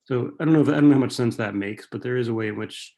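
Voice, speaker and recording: Gravelly-voiced man, rambling and casual. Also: mid-range voice, very fast, mellow. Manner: rambling, filler-heavy, frequent rhetorical "right?". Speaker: author and writing professor. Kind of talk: casual talk answering audience questions.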